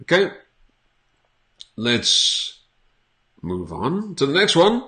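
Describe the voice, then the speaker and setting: A man teaching English pronunciation on camera in a casual, playful way, repeating each word slowly for learners. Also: a little high, wildly swooping pitch, sharp tone.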